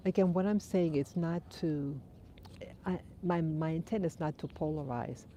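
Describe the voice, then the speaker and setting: A livestream host out walking her dogs talks thoughtfully into her phone, answering viewers' comments in an easygoing chat. Her lowish, mellow voice moves at a moderate pace, she has a runny nose, and faint outdoor ambience adds slight background noise.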